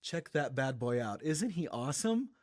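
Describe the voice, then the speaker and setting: A man's voice: normal speed, no room sound, studio quality. Chatty man hosting a gossip podcast. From Atlanta area, Georgia. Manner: chatty and animated, breaks into high sung bits. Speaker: podcast host. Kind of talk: casual celebrity gossip podcast.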